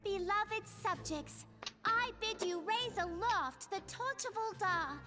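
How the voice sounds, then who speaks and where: A woman's voice: very high voice, expressive, takes it slowly, full character voice. A woman voicing a young girl queen who gives a stately, formal address to her people. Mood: regal. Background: game music.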